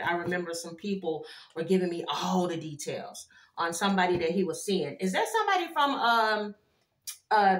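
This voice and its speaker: A woman doing a casual tarot card reading for her viewers, animated and chatty, with frequent exclamations. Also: medium pitch. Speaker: tarot reader. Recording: echoey room.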